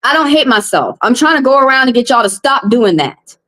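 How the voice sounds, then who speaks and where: A woman's voice: sits high, very animated, a little fast, pushed and bright. A woman tarot reader from the American South, ranting to her live-stream chat in an upset, confrontational way and repeating herself. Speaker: tarot reader and livestream host. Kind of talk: heated live-stream rant.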